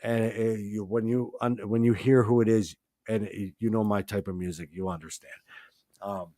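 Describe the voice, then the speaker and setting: A man hosting a live stream, talking excitedly about his favourite rock albums, swearing freely and often restarting his sentences. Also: fairly low pitch, normal speed. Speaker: host. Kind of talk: live-stream music chat.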